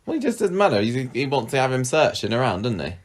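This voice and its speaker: Male co-host, laid-back and wry, quick asides in casual chat. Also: medium pitch, sing-song, a crowd in the background. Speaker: podcast co-host. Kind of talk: casual chat recapping a soap.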